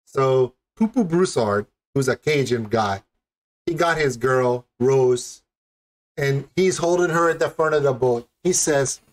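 A man's voice: medium pitch, unhurried. A man hosting a music video reaction, talking in an enthusiastic, rambling and jokey way. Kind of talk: casual reaction commentary.

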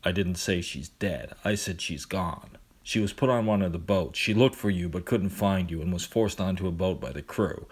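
Man voicing a giant male monster, stern, flat monotone, slow, quiet, very low. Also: slightly rough.

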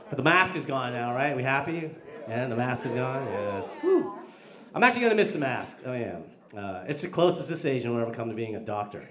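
A man's voice: medium pitch, expressive, a little fast. Brief: a raunchy male stand-up roasting the crowd on a handheld mic in a roomy, noisy club. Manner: crude, profane, teasing the audience. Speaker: stand-up comedian. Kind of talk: stand-up comedy with crowd work. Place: live comedy club. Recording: echoey club, loud background noise.

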